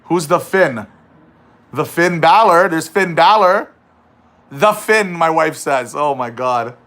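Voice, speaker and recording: A man hosts a casual livestream, chatting and teasing as he reads out viewer questions. His voice sits high and sounds bright and ringing. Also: animated, slow. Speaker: livestream host.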